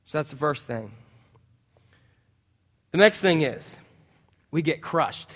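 Animated male preacher in an echoing church. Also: a little high, slow pace. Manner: animated storytelling, acts out voices. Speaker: pastor. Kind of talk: sermon. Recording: long church-hall reverb.

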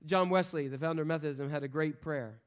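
A man preaching a sermon, animated and playful, acting out voices in the stories he tells. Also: on the high side, fast. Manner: animated, acts out voices in quotes, jokes with the congregation. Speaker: pastor.

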